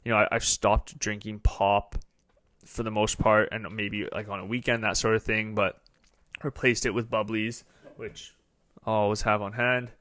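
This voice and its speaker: A man's voice: lowish voice, little pitch movement, moderate pace, fairly bright tone, no room sound. A young man hosting a solo podcast, talking casually and rambling with lots of fillers. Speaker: podcast host.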